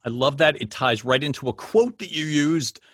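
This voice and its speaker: A man's voice: on the high side, expressive, normal speed, no room sound, studio quality. A man hosting an interview, talking in an enthusiastic, rambling and affirming way. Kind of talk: conversational interview.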